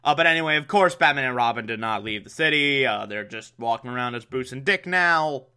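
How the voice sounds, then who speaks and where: A man's voice: medium pitch, lively intonation, fairly quick, pushed and bright, clean tone. A man giving a sarcastic, exasperated recap of an old TV episode, mocking it and laughing at it. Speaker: show recapper.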